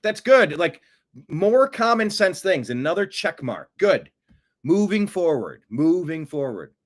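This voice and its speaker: Male host, casual political commentary, sarcastic and animated, swinging pitch, slightly high voice. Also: a little slow. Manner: sarcastic, animated, mocks critics with put-on gasps and voices.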